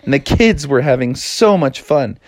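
A man's voice: mid-range voice, moderate pace, no room sound. A man telling a read-along children's story with a bouncy, sing-song rise and fall. His delivery is laid-back and playful, recorded close with a dry sound. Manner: casual, lively, playful.

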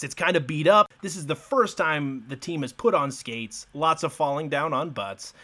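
Male podcast co-host, casual, laid-back, loose swearing, frequent laughs, slightly higher voice. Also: fairly bright tone. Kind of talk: casual movie recap chat.

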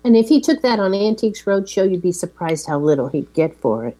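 A woman with a dark, mellow voice recaps a film in casual chat, moving steadily through the plot with fillers. A faint mains hum sits under the recording. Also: mid-range voice, a little fast. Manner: steady recap with fillers, quoting lines plainly.

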